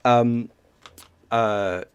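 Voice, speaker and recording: A man narrating as game master of a tabletop game, halting and searching for words as he describes the scene. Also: medium pitch, fairly even intonation, clear, resonant tone, no room sound, dull audio.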